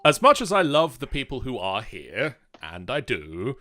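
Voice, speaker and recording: A man hosting a tabletop game stream, chatting in an animated, self-mocking way at his desk mic. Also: mid-range voice, normal speed, no room sound, clean studio sound. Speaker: host and dungeon master. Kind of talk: casual stream chat.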